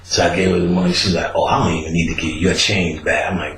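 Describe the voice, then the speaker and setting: Animated man telling a story in an echoey room. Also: moderate pace, crowd noise. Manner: animated, acts out quotes with big pitch jumps and laughter. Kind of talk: casual storytelling.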